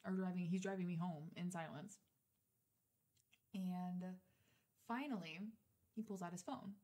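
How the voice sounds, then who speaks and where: A woman's voice: fairly low pitch, measured pace, mellow. A young woman in her twenties, co-hosting a podcast, telling a story in casual chat, swearing freely and acting out the quotes. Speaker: podcast co-host.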